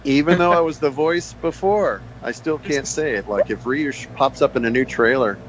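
A man's voice: medium pitch, normal speed, slight background noise. A male voice actor guesting on a podcast, making dry, laid-back jokes. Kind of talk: casual chat. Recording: slightly dull lo-fi sound.

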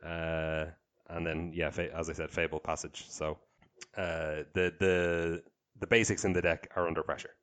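Guy with a really low voice chatting card game tactics, slow and thinky. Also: flat delivery, a bit bright, smooth. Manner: measured, thinks aloud with hesitations. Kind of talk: casual card-game strategy chat.

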